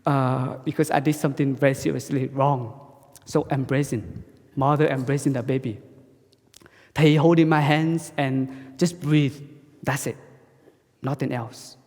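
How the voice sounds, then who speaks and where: A man giving a gentle dharma talk as a Buddhist monk, speaking simple English that halts and restarts often. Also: medium pitch, steady tone, measured pace, pauses often, in a large hall.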